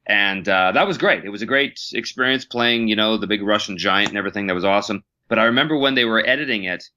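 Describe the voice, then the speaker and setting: A middle-aged man with a lower voice and a bright, forward tone, chatting casually as an interview guest. He tells stories about his work in a self-deprecating way and laughs often. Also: fast, slight background noise. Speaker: voice actor guest.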